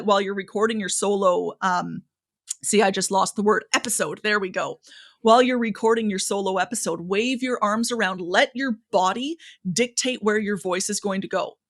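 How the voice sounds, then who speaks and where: A woman guest on a podcast, giving speaking advice in an animated, expressive way with lots of pitch variation.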